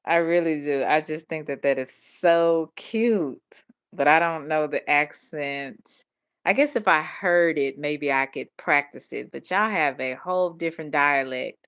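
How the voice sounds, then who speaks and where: Southern woman livestreamer, drowsy, slow and low, dull lo-fi audio. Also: clean tone. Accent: Southern US, Dallas. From Tennessee. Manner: drowsy, drawling, laughs often. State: sleepy. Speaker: livestream host. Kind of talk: late-night casual chat reading comments.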